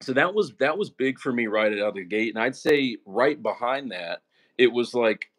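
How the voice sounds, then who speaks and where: A man's voice: medium pitch, lively intonation, moderate pace, a bit bright. A young man telling his story as an interview guest, casual and earnest, with emotion showing, often tossing in "man" and "right?". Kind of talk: casual conversational testimony.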